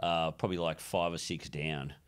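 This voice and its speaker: A man in his forties co-hosting a comedy podcast, an animated, jokey storyteller in crude casual banter on a studio mic. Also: a bass voice, normal speed, clean tone. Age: 40s. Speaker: podcast co-host.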